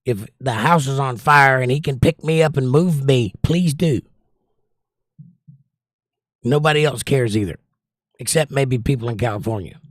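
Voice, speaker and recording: A man's voice: mid-range voice, normal speed, long pauses, dry recording, studio quality. A man hosting a casual livestream, reading out viewer comments and answering them in an opinionated, sarcastic rant. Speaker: livestream host.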